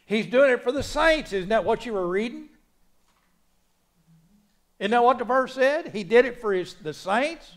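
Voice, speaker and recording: A man preaching a sermon in a church, folksy, moving from quiet asides to loud exhortation. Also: very high-pitched, expressive, a little slow, pauses often. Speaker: pastor.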